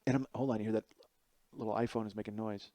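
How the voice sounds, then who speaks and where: A man in his forties tells a comic story on his own podcast, rambling and swearing freely as he pokes fun at himself. His voice sits at a mid pitch. He speaks into a headset mic, and the sound is dry and close, with no room echo. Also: fairly even intonation, quick pace, mellow. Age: 40s. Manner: rambling, profane, self-deprecating. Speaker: comedian podcast host.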